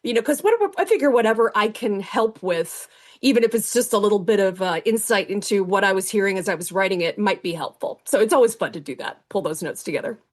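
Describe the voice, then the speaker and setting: A woman's voice: medium pitch, animated, quick pace. A woman author who first reads her acknowledgments and then talks casually in an interview, with frequent fillers and restarts.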